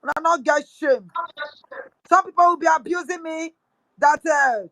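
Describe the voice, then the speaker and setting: High-pitched angry Nigerian woman. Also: moderate pace, fairly bright tone, no echo, low-quality recording. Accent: Nigerian English with pidgin. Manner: angry, accusing, repetitive. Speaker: speaker on a live audio space. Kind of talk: heated live audio-room address.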